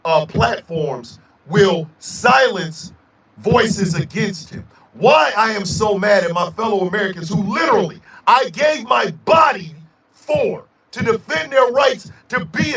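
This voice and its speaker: A man hosting a radio show, delivering a loud, profane, emphatic rant. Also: high-pitched, expressive, measured pace. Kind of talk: angry ranting monologue. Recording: echoey room, mic at a distance.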